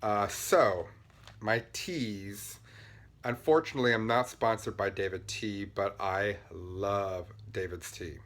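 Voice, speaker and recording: A man's voice: fairly low pitch, slow pace, a bit bright. Chatty man rambling on upbeat. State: buzzing on caffeine, talking fast. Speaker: podcast host. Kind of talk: casual show-and-tell chat.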